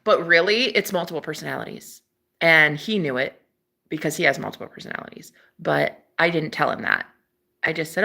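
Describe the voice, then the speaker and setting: A young woman vlogger telling a story in casual chat, chatty and excitable, swearing freely and breaking into laughs. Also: on the low side, fairly quick, creaky.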